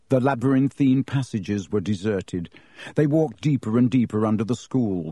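A man narrating a storybook audiobook in an even, measured reading. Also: mid-range voice, dry recording, clean studio sound.

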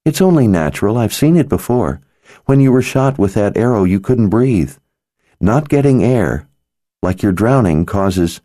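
A man's voice: lowish voice, expressive, measured pace, mellow, dry recording, clean studio sound, voice pushed up. A man voicing an earnest, worried young female sorceress healer, speaking in a pleading manner. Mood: cautious.

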